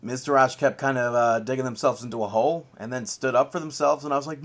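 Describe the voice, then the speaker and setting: A man's voice: mid-range voice, fast talker, a bit bright. A man co-hosting a casual podcast chat, laughing often and acting out quoted lines in bursts. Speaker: podcast co-host.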